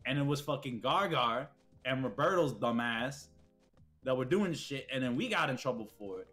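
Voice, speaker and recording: A young man telling rowdy school stories in casual chat, profane and animated, with heated outbursts. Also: mid-range voice, normal speed, soft background music. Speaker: streamer's friend telling stories.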